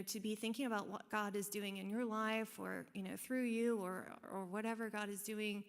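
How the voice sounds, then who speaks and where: A woman sharing her personal testimony in a church service, telling her story earnestly with many fillers. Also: medium pitch. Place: church sanctuary. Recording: long hall reverb.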